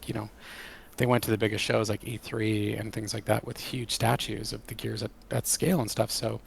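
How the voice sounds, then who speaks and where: A man with a lowish, rough and gravelly voice answers interview questions about his work. He talks with eager, animated enthusiasm. The tone stays casual and conversational. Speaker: game creative director.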